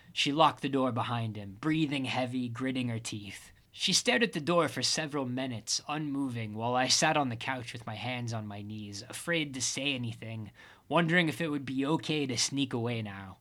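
A man narrating a first-person story in a wry, deadpan manner. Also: mid-range voice, normal speed. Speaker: audiobook narrator.

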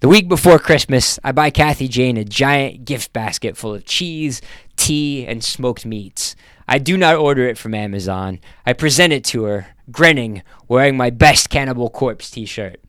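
A man narrating a first-person story in a dry, deadpan manner. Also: mid-range voice, normal speed, clean tone, no echo.

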